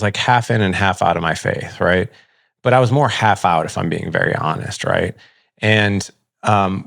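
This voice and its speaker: A man's voice: sits low, gravelly, a bit bright, no room sound, clean studio sound. A middle-aged man, a podcast host, candidly telling a personal story in a casual, conversational way, full of "like" and acted-out dialogue. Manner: heavy use of filler "like", acts out dialogue.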